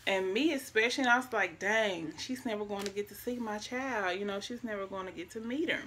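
Woman in her twenties, vlogger, bright tone, soft and reflective casual storytelling straight to camera. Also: medium pitch, brisk, slight background noise. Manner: soft-spoken, reflective, talks straight to viewers.

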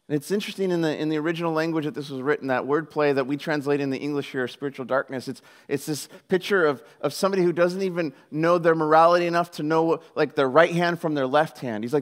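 A pastor delivers a conversational sermon fast and with hardly any pauses, his voice a little on the high side. Animated and jokey, he bantering with the congregation and acts out the voices of people in his story before returning to plain talk.

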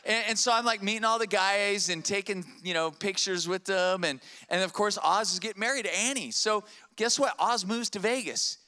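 A middle-aged man preaching a storytelling sermon from a church stage, animated and often repeating himself while checking in with the congregation. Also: high voice, normal speed, hardly any pauses, clear, resonant tone. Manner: animated, repeats words and checks in with "all right?". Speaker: pastor.

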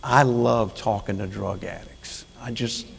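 A gravelly-voiced man preaches a sermon in a church, folksy and conversational, then rising into fervent, emphatic calls to the congregation. His voice carries a long hall reverb around it. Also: medium pitch, steady tone, measured pace. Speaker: prison chaplain preaching. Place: church sanctuary.

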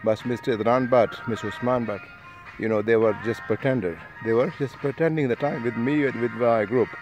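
Fairly quick and mid-range, a chatty man speaks with music behind him as he travels outdoors. The vlogger's casual, rambling video message is aimed at an online speaking group, and he greets listeners one at a time, leaning on frequent tag questions.

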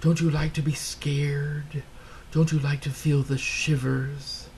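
A man's voice: fairly high pitch, takes it slowly, slight background noise, voice pushed up. Frog, a patient cheerful frog, read by a man. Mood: storytelling. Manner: encouraging, calmly persuasive. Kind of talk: storybook read-aloud.

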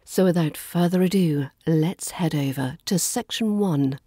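A woman with a Southern English RP accent, hosting a podcast lesson in a clear, measured teaching voice. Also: low-pitched, warm tone, no room sound, studio quality. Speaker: accent coach and podcast host.

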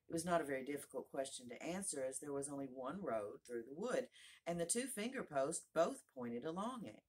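Female audiobook narrator, husky tone, calm and even. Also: a bass voice, a little fast. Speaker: audiobook reader. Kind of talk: storybook read-aloud.

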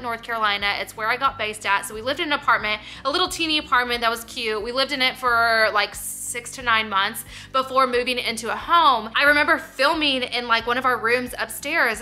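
With a fairly high, sharp voice, a young woman speaks casually to camera as a vlogger, getting emotional as she chokes up and laughs. She leans heavily on fillers, saying "like" again and again.

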